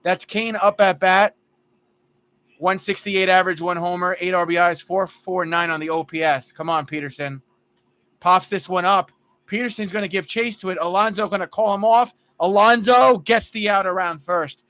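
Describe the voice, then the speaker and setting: Bright-voiced fan calling a ballgame. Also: male voice, fairly even intonation, normal speed. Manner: chatty, jokey, drifts into stories between pitches. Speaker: fan livestream commentator. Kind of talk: casual play-by-play commentary.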